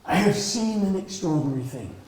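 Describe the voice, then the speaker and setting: A man's voice: brisk, distant mic, slight background noise. A man voicing an eager, wide-eyed young male mouse in a live told story, talking breathlessly in a raised voice. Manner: breathless, excitable, high-pitched. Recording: roomy live hall.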